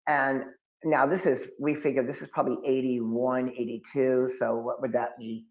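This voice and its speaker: Speaking at normal speed in a mid-range voice, a fifty-something New England man appears as an occult expert guest. He tells long interview stories with animation, acting out his quotes, and the recording carries a roomy echo.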